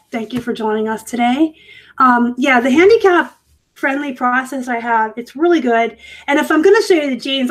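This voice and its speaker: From a home room set up for work, a woman hosts a casual live reselling show, chatty and rambling with frequent fillers and self-corrections. Her voice sits on the high side, and the recording quality is low.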